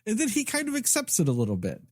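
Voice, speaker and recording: A man co-hosting a film podcast, talking in an animated way with lots of fillers. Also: high voice, fast, breathy edge, no echo, studio quality. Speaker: podcast co-host. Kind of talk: casual film review chat.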